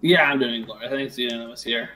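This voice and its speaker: A man co-hosting a casual movie podcast, agreeable and quick to chime in. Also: mid-range voice, bright, forceful tone, low-quality recording. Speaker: podcast co-host.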